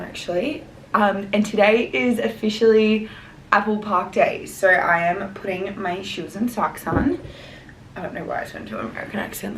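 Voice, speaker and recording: A woman in her thirties, chatting casually to camera in a rambling way, full of "like" and "um". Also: mid-range voice. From Australia. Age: 30s. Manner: chatty and rambling, many fillers such as like and um. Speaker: vlogger. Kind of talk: casual vlog chat to camera. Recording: echoey room, faint background noise.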